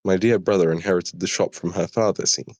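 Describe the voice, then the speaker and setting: A man's voice: low-pitched, fairly even intonation, a little fast, a little mellow, dry recording. A man voicing a mild, easygoing middle-aged great-uncle in a storybook reading.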